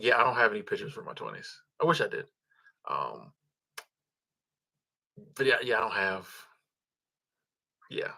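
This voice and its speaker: A man's voice: medium pitch, sharp tone. Laid-back man chatting on a livestream. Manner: laid-back, chuckling, many ums and restarts. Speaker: livestream host. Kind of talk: casual live chat reading comments.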